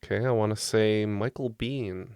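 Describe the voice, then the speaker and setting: A man's voice: lowish voice, moderate pace, a little mellow, clear, resonant tone, no echo, clean studio sound. A man playing pub trivia on a podcast, joking and thinking aloud with plenty of fillers. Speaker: trivia contestant. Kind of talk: casual podcast banter.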